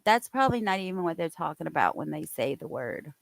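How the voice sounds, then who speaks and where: A woman's voice: low voice, big pitch swings, fast, vocal fry, dry recording. A woman chatting casually on a live stream, reacting aloud and laughing.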